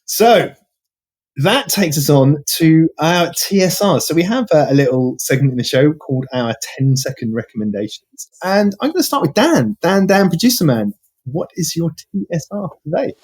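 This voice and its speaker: A man's voice: fairly high pitch, lively intonation, normal speed, a little mellow, breathy edge. A man hosting a podcast, upbeat and playful as he moves the talk along. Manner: upbeat, playful host banter. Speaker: podcast host. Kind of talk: casual podcast chat.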